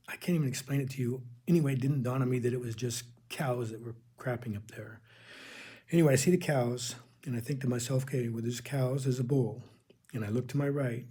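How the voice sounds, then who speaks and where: A man's voice: medium pitch, dark tone, husky. A man earnestly telling his personal faith testimony, rambling and calling his listeners "folks". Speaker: religious channel host.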